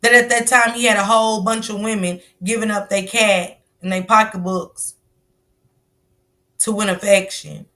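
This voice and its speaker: Woman host ranting about a clip, blunt slangy talk, bright tone. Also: mid-range voice, steady tone, moderate pace. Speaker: stream host. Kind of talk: casual commentary on a news clip.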